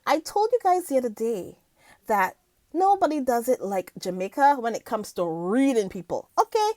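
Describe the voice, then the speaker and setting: A woman vlogger talks straight to her viewers, reading news aloud in a casual, chatty way and stumbling over words now and then. Her voice sits high and swings up and down. The sound is dry and close, with no room in it. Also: sing-song, normal speed, darkish tone, no room sound. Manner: laughs often, reads aloud with stumbles and restarts; chatty, addresses viewers as guys. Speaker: commentary vlogger.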